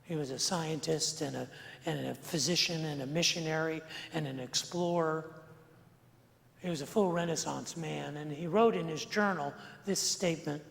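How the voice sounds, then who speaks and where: A male pastor preaching an earnest sermon, slowing and swelling on key phrases and repeating words for emphasis. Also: a little high, gravelly, fairly bright tone. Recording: long church reverb.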